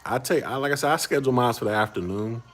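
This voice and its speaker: A man's voice: mid-range voice, fast, a bit bright. A man in his forties, a livestream host, chatting casually with viewers in a laid-back way and laughing often. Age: 40s.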